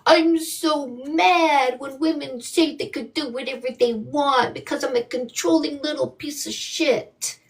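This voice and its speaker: A woman's voice: high voice, fairly even intonation, unhurried, few pauses, distant mic. A woman mocking an enraged controlling man. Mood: mocking outrage. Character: angry controlling adult man, sneering.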